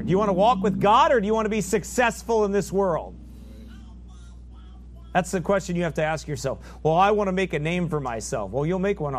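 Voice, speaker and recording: A man delivering a sermon with a fairly high voice. He preaches with fervor, building to loud emphatic peaks and sinking into low, quiet asides as he reads and explains scripture. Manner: reads scripture aloud in old biblical wording.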